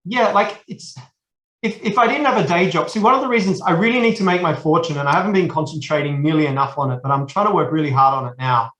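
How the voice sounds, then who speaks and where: In an echoey room, an Australian man in his forties, a podcast guest, chats casually in a slightly high, bright-toned voice at a quick pace. He rambles and restarts often.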